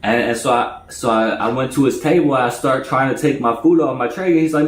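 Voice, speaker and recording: A man's voice: mid-range voice, brisk, reverberant, a little hiss or hum, poor audio. A man telling a personal story in a casual way, often stuttering and repeating his words. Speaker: storyteller recounting jail time.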